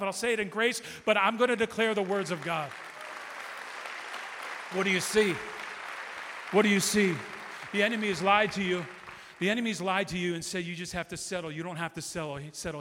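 A middle-aged man delivers an impassioned sermon, hammering his points home with repeated declarations. His voice sits high and sounds bright and forceful. The sound rings with the long reverb of a church sanctuary. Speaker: guest pastor.

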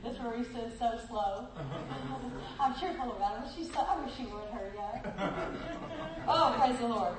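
A woman's voice: a little high, normal speed, background noise. A woman preaching a sermon, exuberant and laughing, reading a story aloud and talking straight to her listeners. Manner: exuberant, laughing, speaks to the congregation directly. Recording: echoey room from far off.

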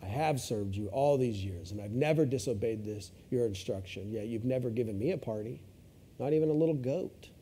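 A man voicing a resentful older brother who complains in a low, sullen tone. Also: fairly quick, dark tone, a little hiss or hum, lightly acted. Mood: bitter.

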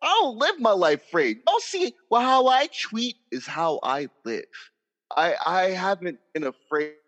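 A man speaks with fervent conviction and keeps circling back to his point as host of a casual talk show. His voice sits a touch high, and the call audio carries a long, hollow reverb. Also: animated, unhurried, a bit bright. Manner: impassioned and emphatic, repeats himself. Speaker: podcast host. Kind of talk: casual chat. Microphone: video call.

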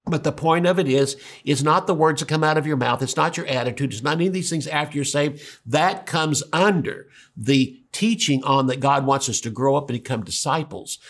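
Male preacher, middle-aged, husky voice, storytelling sermon with sharp pitch jumps. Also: a little fast, hardly any pauses. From Oklahoma.

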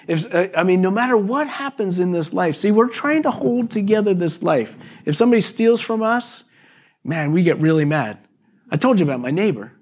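Male pastor, slightly higher voice, conversational sermon delivery, checks in with the congregation, acts out dialogue. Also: a little mellow. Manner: conversational preaching with frequent "okay" and "right?" asides; acts out quoted exchanges with his neighbor. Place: church service before a congregation.

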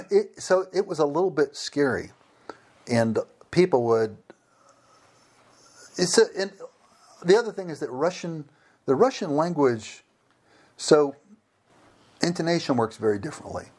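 A middle-aged man, a former missionary, telling stories in an interview in a lively way and acting out the people he quotes. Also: fairly high pitch, unhurried, long pauses. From United States. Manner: animated, acts out quoted voices. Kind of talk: conversational interview storytelling.

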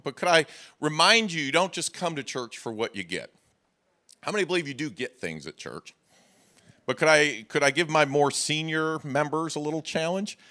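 A man's voice: medium pitch, fairly bright tone. A middle-aged man, a pastor preaching a sermon with folksy humor and rhetorical questions to the congregation.

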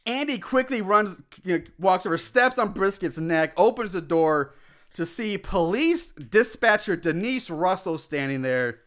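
Guy with a pretty high voice telling a movie story to a friend, laughing a lot, doing little bits of the characters. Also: unhurried. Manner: animated storytelling, acts out lines and laughs often. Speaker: podcast co-host recapping a movie. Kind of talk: casual chat.

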